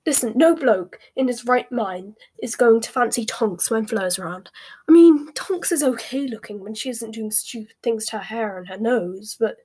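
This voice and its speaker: Woman doing offhand sarcastic teen boy wizard, breathy, storybook reading. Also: fairly high pitch, lively intonation, normal speed, warm tone.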